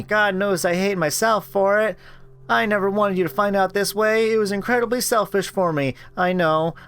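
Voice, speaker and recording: A man's voice: sits high, vocal fry, fairly bright tone, clean tone, voice pushed up. A man voicing a nervous young woman who hides a guilty secret in a game he reads aloud. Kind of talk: reading a visual novel aloud.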